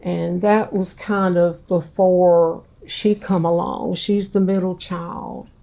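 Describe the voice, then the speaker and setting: A middle-aged woman, telling her own story in an interview in a plain, unhurried way. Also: lowish voice, vocal fry, warm tone. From Southern US. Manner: slow, plain-spoken storytelling. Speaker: interviewee, ex-wife of a street preacher. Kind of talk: recounting her life in an interview.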